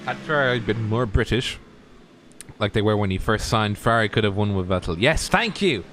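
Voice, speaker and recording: Over some background noise, a man with a lowish voice co-commentates a sim racing stream in brisk, animated live race chat. He's opinionated and jokey, laughing at crashes.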